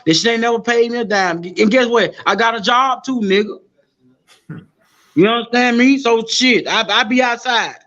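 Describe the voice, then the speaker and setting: A man telling profane, animated street stories as a guest on a live stream. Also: very high-pitched, dull audio. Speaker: guest rapper. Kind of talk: casual storytelling on a live stream.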